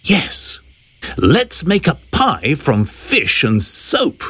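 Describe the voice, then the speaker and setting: A man's voice: on the high side, huge pitch swings, drawn-out words, bright, forceful tone, husky, heavily acted. A man voicing a group of farm animals in a children's storybook, raised and sing-song. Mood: scheming.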